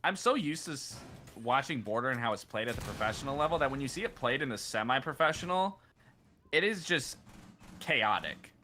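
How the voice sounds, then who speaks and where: A man who used to play pro, breaking down a semi-pro match with blunt critique and plenty of filler words. His voice is bright and forward, with faint noise behind it. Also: mid-range voice, animated, brisk. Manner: critical, rambling, many fillers. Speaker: ex-pro co-caster. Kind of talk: casual game analysis.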